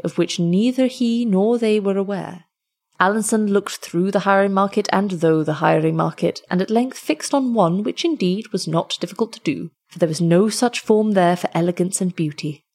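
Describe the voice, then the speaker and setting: A woman reading an old tale aloud in a measured, expressive way. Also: medium pitch. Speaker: storyteller.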